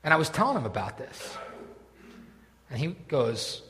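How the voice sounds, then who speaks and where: A male pastor preaching a sermon, animated and conversational, moving between loud scripture reading and quiet asides. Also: mid-range voice, moderate pace, long reverb tail.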